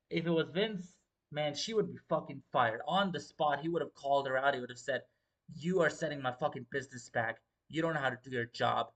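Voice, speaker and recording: Young male livestream host, loose and profane, rambling commentary, mid-pitched voice. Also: a bit bright. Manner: profane, rambling, repeats filler words. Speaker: wrestling show host.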